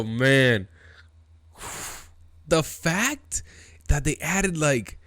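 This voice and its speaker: Excitable, slangy man hosting a video. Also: medium pitch. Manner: excitable, slangy, calls viewers dude and bro. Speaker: video host. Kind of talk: casual anime commentary.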